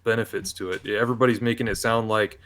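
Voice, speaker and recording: A man with a somewhat low voice speaks on a casual gaming podcast panel. He talks at length and circles back on his words, with a frustrated edge. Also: fairly even intonation, fast, fairly bright tone. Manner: rambling, repeats words, frustrated tone.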